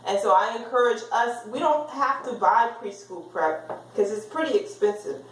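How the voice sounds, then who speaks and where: Female teacher, explanatory lecture delivery, recorded far off in a roomy space. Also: on the high side. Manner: explanatory, sounds words out slowly.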